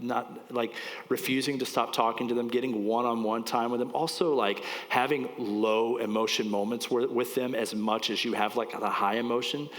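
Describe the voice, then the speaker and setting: In a church, a pastor in his forties teaches in a casual, meandering sermon, sometimes getting choked up. His mid-range voice is fairly bright, with fairly even intonation and a moderate pace, and the hall adds long reverb.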